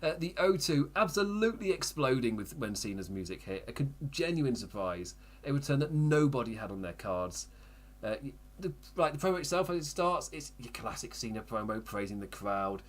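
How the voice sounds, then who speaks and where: A man hosting a wrestling podcast, chatting casually with frequent laughs and quick self-interrupting asides. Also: mid-range voice, big pitch swings. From United Kingdom. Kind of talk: casual live recap commentary.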